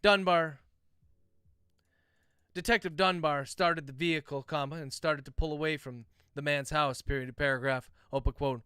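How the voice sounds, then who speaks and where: A man dictating his own novel aloud on a livestream, calling out each comma and period as he goes. His voice sits somewhat high and sounds crisp and smooth. The room is dry and close. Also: normal speed, no room sound. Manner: dictates prose aloud, speaking punctuation marks; relaxed, chatty asides to viewers. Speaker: author.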